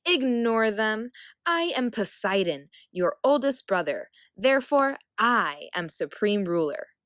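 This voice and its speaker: A woman's voice: on the high side, sing-song, takes it slowly, a bit bright, no room sound, clean studio sound, exaggerated voice. A woman voicing a pompous, bossy male sea god who claims to be ruler in a storybook reading.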